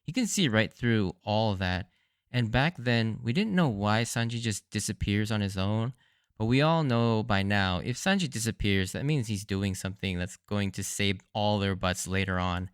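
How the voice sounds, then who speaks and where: A man with a low, resonant voice hosts his own fan podcast, recapping anime episodes with bubbly enthusiasm. The sound is close and dry, with no room around him. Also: lively intonation, moderate pace, clear, resonant tone, dry recording. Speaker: podcast host. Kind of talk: casual solo anime rewatch commentary.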